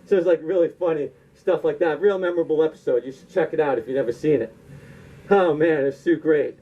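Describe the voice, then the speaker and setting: A man's voice: on the high side, fairly quick, dark tone. A man telling a rambling comedic monologue, packed with "like" fillers, in a dull, lo-fi recording.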